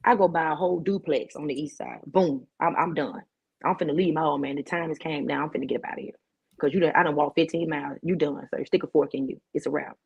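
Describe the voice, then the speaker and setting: Talk show guest: low-voiced woman telling her story with punchy slang on a dull lo-fi recording. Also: fast talker, gravelly, darkish tone, slightly rough. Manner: vivid storytelling with street slang and repetition.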